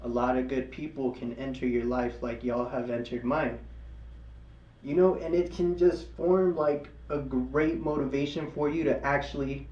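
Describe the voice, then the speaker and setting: A man's voice: on the high side, mellow, reverberant. Young guy live trading, hyped, slangy, talks sweet to the chart, kinda muffled stream audio.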